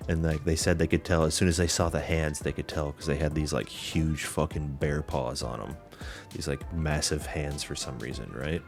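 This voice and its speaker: A man's voice: very deep voice, steady tone, moderate pace, soft background music. A man hosting a podcast, telling a long story in a loose, rambling way with lots of fillers and swearing. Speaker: podcast host. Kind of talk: casual chat.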